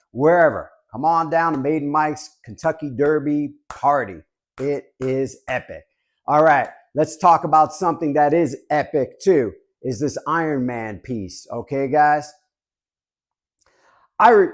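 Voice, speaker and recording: A man in his fifties from Southern California, chatting casually and joking as he reviews collectibles for his viewers. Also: a little high. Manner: chatty, joking, repeats "guys". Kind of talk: casual chat to camera.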